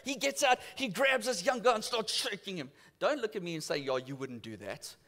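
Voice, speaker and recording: A man preaching a sermon as a church pastor, telling stories and swinging from loud to hushed. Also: sits high, expressive, brisk. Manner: storytelling, acts out voices in quotes, swings from loud to hushed.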